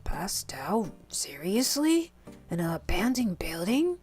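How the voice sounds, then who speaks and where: A woman voicing a big male dragon cook, speaking low, slow and calm with a slight growl, in a game let's play. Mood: surprised. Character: huge red male dragon cook, gentle and soft-spoken. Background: faint game music.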